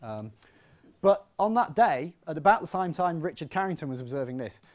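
A man, a physics professor, giving a lively and conversational public science lecture in a hall, with self-deprecating asides. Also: a little high, a little fast.

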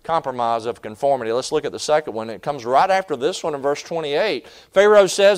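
Fiery preacher with a smooth voice. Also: male voice, a little high, a little fast, hardly any pauses. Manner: fiery preaching with big swings from shouting to quiet. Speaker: pastor. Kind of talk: sermon.

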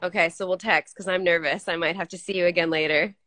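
Bright breezy woman on a video call. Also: on the low side, fairly even intonation, fast, dry recording. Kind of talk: casual chat on a live video call.

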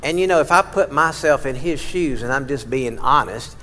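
A male pastor delivering a sermon in a church sanctuary. He moves between casual, conversational asides and bursts of dramatic emphasis. His voice sits at a middle pitch, and a long reverb from the large hall follows it. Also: moderate pace, fairly bright tone.

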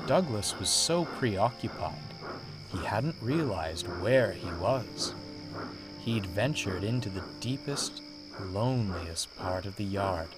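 A man narrating a read-aloud story in a measured, expressive way. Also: on the low side. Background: music.

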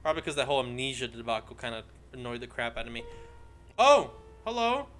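A man's voice: mid-range voice, very animated, fast talker, a bit bright. A man playing a horror game and commenting as he goes, joking and yelping when startled, and reading in-game notes aloud at a desk microphone. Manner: jokey, jumpy, yelps when startled. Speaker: let's play gamer. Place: home room.

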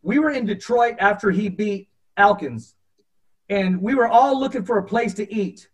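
Male podcast host, high voice, animated anecdote style. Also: normal speed. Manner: animated, acts out quotes. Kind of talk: storytelling in casual interview.

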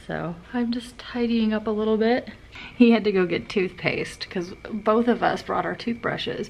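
A young woman with a creaky, mid-range voice vlogs casually from a hotel room and an outdoor path. She tells stories in a chatty way, filling them with words like "like."

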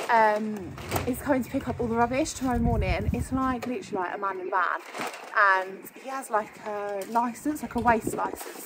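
Chatty woman, noisy home vlog. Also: a little high. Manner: chatty, lots of "um" and "like". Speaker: vlogger. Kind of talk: casual renovation vlog. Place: home being renovated.

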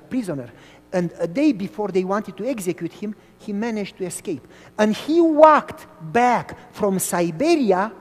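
A man from Romania preaching a sermon as a pastor, telling stories in an animated way. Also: high-pitched. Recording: long hall reverb.

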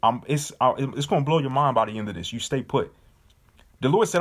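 A man's voice: medium pitch, animated, a little fast, husky. A man leading a Bible study, speaking emphatically and casually and often asking his listeners whether they understand. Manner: emphatic, casual, with repeated rhetorical questions.

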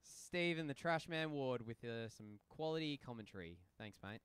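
A man's voice: mid-range voice, expressive, normal speed, a bit bright, smooth. A young Australian man doing casual, joking play-by-play for a social ice hockey game from a rink booth. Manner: joking, rambling banter between play calls. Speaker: play-by-play commentator. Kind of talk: casual live sports commentary.

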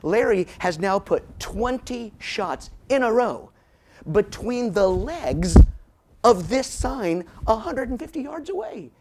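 A man's voice: sits high, heavy background noise. Guy doing a motivational keynote story, voice swoops up and down, drags out the big moments. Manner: animated storytelling with dramatic slowdowns. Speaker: motivational speaker.

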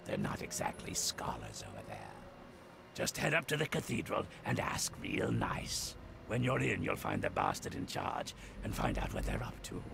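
A gruff, scheming quest-giver from a video game, with a very deep, gravelly voice that swings wildly in pitch. He drawls with quiet menace, and noise from the game audio sits behind him. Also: huge pitch swings, moderate pace, heavily acted. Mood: menacing.

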